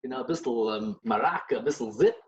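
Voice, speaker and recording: A man's voice: mid-range voice, lively intonation, fast, lo-fi sound, lightly acted. A man voicing a meek husband who speaks in an eager, deferential way. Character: meek husband who imitates his rabbi.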